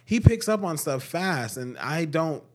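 Earnest young dad talking things over. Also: male voice, a little high, sing-song, measured pace, a little mellow. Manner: earnest, emphatic, repeats points, fills with "like" and "man". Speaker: podcast co-host; father of two. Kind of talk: casual podcast chat.

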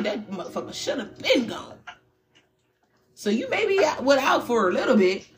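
A woman with a fairly high voice, speaking at normal speed, gives a casual spiritual tarot reading. She's animated and candid, using slang and swearing.

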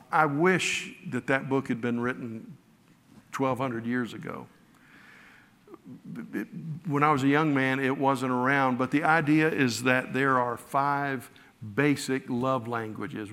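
A man's voice: mid-range voice, steady tone, a little slow, fairly bright tone. A man preaching a sermon, telling stories about himself with a self-deprecating touch and frequent restarts. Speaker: pastor. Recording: long hall reverb.

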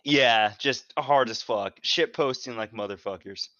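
A man's voice: medium pitch, unhurried, pushed and bright, no echo. A man rambles through a story on a casual podcast, swearing freely and restarting his sentences. His voice sounds dry and close, with a slightly dull, muffled tone. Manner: rambling, profane, lots of fillers and restarts. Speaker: podcast co-host.

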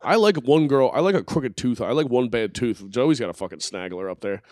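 A man's voice: medium pitch, animated, brisk, darkish tone, no echo, studio quality. A young man hosting a podcast from his living room, rambling and joking crudely in casual banter. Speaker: podcast host.

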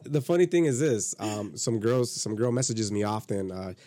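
A man hosting a podcast in casual chat, profane and animated, acting out quotes as he tells stories. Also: fairly low pitch, moderate pace, dry recording. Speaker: podcast host.

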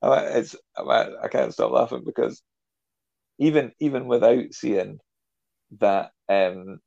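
A man co-hosting a podcast, chatting about a film in a relaxed, enthusiastic way and laughing often. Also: mid-range voice, slow, creaky, no echo, muffled recording. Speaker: podcast co-host. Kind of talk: casual film discussion.

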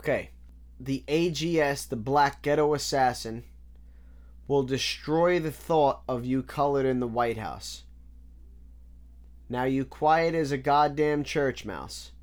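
A man casually breaking down rap lyrics line by line, analytical and repetitive, often restarting his sentences. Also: medium pitch. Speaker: music reviewer.

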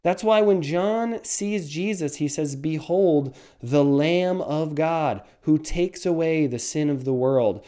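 A man's voice: on the high side, takes it slowly, hardly any pauses, mellow. A man preaching a sermon in an earnest, emphatic way, often restarting his phrases.

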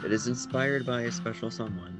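A man's voice: mid-range voice, a little fast. A man casually talking about writing his songs, laid-back and rambling, often trailing off mid-thought. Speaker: songwriter discussing his album. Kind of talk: casual chat. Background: music.

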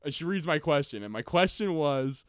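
A man's voice: fairly high pitch, brisk, no echo, studio quality. A man co-hosting a casual podcast, telling stories with lots of laughter and acting out what people said. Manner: laughs often, animated storytelling with acted-out quotes. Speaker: podcast co-host.

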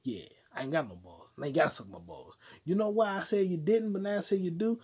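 This solo podcast host has a high-sitting, animated, slightly mellow and rough voice, moving fairly quickly with few pauses. He wanders crudely and profanely across topics and does mock voices along the way.

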